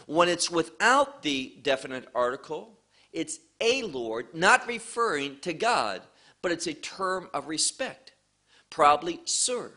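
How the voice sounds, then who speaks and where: A man teaching a verse-by-verse sermon, speaking emphatically and deliberately and stressing key words. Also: on the high side, sing-song, pushed and bright. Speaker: Bible teacher.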